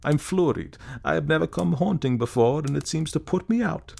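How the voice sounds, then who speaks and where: A man's voice: a little high, moderate pace, gravelly, a little mellow, voice pushed up. A man doing a timid, flustered young ghost. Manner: meek, apologetic, flustered. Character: weak, silly, aimless young male ghost.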